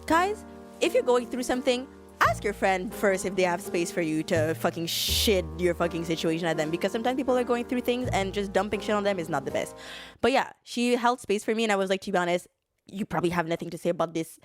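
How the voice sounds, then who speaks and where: A woman's voice: medium pitch, expressive, fairly quick, music in the background. A woman hosting a podcast, telling a story in a rambling, profane, casual way. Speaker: podcast host. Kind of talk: casual chat.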